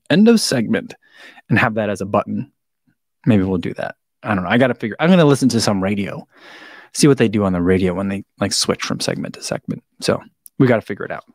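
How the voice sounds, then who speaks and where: A man's voice: medium pitch, no echo, clean studio sound. Laid-back man chatting on a live stream. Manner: laid-back, rambling, chuckles often. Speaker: running shoe reviewer hosting a live stream. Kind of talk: casual live-stream chat answering viewer questions. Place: indoor studio room with a wall of shoes.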